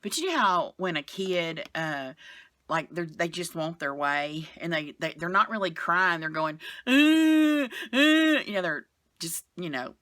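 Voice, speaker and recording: Chatty woman, bright forceful voice. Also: low-pitched, normal speed, no room sound. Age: middle-aged. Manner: rambling, frank, sighs and trails off. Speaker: vlogger. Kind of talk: casual chatty vlog. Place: bedroom, sitting on the bed.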